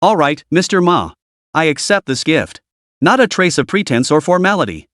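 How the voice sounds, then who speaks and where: A man voicing a calm, confident young investor. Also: on the high side, moderate pace, no room sound, clean studio sound. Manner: calm, self-assured.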